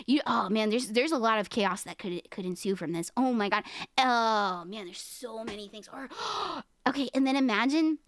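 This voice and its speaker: A woman's voice: a little high, brisk, dry recording, clean studio sound. A woman streaming and chatting casually with her viewers, rambling and giggling as she talks to chat.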